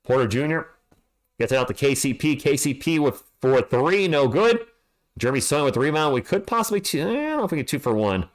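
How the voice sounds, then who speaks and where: A man calling a live game as a fan play-by-play streamer. He is excitable, talks to his chat, and yells at the team, alone at home. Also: a little high, brisk.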